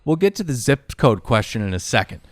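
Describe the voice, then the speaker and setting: A man's voice: medium pitch, sing-song, fairly quick, no echo, studio quality. A man co-hosting a podcast, telling a story in a casual, exasperated way and swearing freely. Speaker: podcast co-host.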